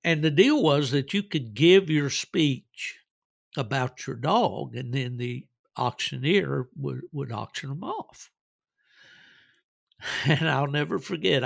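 Gravelly, folksy podcast host telling stories. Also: male voice, mid-range voice, no room sound, clean studio sound. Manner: chuckling, folksy, rambling. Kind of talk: casual storytelling.

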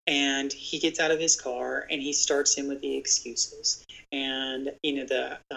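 Podcast guest, earnest storyteller, some vocal fry, talks straight to the audience. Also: medium pitch, little pitch movement, measured pace, pushed and bright, poor audio. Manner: earnest, speaks directly to listeners. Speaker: podcast guest speaking on real estate agent safety. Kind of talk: conversational storytelling.

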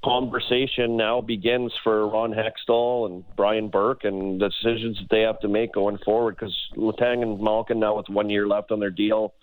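A man in casual sports talk, working through his points with a steady stream of fillers. The recording is dry and close with no room sound. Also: fairly low pitch, normal speed, few pauses, dry recording, low-quality recording. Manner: rambling, many "you know" fillers. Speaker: sports radio co-host.

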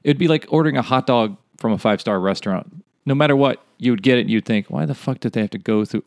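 A man's voice: medium pitch, fast talker, creaky, no room sound, clean studio sound. A man co-hosting a comedy podcast, chatting casually in a rambling way and laughing at his own jokes. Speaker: podcast co-host.

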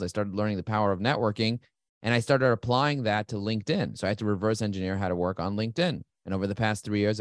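A middle-aged man talking as an interview guest, fast and enthusiastic, repeating key words for emphasis. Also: lowish voice, no echo, studio quality. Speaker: guest, marketing agency CEO. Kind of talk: energetic interview talk.

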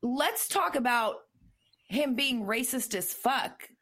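A woman's voice: on the high side, lively intonation, slow, a bit bright. A woman co-hosting a podcast in casual chat, making blunt, profane remarks. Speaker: podcast co-host.

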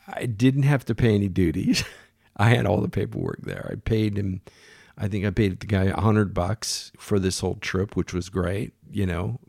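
Low gravelly guy telling a story, dry sound, jumps around restarting lines. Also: no room sound. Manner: animated, restarts phrases. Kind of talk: casual anecdote.

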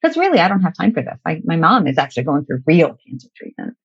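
A woman's voice: deep voice, huge pitch swings, quick pace, gravelly, breathy edge, dry recording. A middle-aged woman telling a personal story in a conversational way, often restarting her sentences and quoting what people said to her. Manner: conversational, with frequent restarts and quoted dialogue. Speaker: guest sharing a personal story. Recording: dull lo-fi recording, dry.

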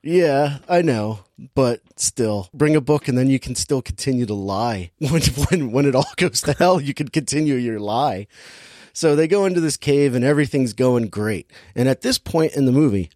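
A man casually retelling a movie plot, animated and laughing often, acting out characters' lines with sudden jumps in pitch. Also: normal speed, no room sound, clean studio sound. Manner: laughs often while talking. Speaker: podcast co-host recapping a movie. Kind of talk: casual chat.

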